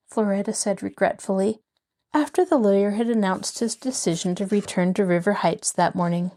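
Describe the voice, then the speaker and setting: A woman reading a novel aloud as host of a storytelling show and voicing its characters, her pitch rising on excited lines. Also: moderate pace.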